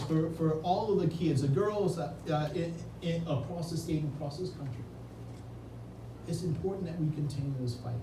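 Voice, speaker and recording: Impassioned man speaking from across an echoey room. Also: a little high. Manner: earnest, impassioned, with personal stories. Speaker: political candidate. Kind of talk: campaign speech at a fundraising reception. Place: indoor reception room. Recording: echoey room from a distance, noisy.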